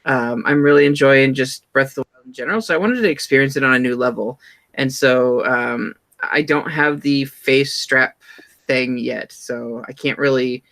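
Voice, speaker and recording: Podcast co-host, male, casual and halting, bright tense timbre, headset mic. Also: mid-range voice, gravelly. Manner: hesitant, lots of ums. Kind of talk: casual chat. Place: home computer setup.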